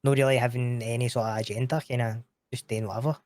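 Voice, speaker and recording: A man's voice: medium pitch, fairly even intonation, fast talker, darkish tone, no echo, clean studio sound. A Scottish man chatting casually as a podcast guest, slangy and laughing often, swearing freely. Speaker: podcast guest, roleplay streamer. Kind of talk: casual chat.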